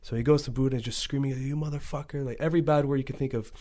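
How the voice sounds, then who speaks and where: A man with an ordinary middle-pitched voice tells a long story on a casual podcast. He rambles loosely and drops swear words as he goes. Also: fairly even intonation, very fast, a little mellow. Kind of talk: casual conversation.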